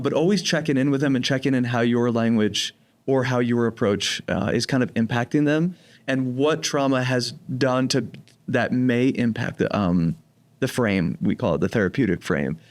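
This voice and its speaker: A man from New Jersey with a light New Jersey accent, a program director giving calm, jokey explanations in a podcast interview. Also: medium pitch, normal speed. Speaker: program director of teen residential treatment.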